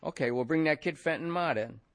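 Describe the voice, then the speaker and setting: A man voicing a male police detective who talks slow, loud and flat. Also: on the high side, pitched above the performer's own voice, natural voice. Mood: blunt.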